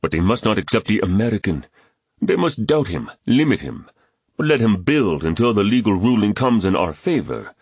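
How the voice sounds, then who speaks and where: A man voicing a proud, menacing older village chief who speaks in a commanding, measured way. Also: lowish voice, sing-song, husky, no echo, voice pushed up, heavily acted.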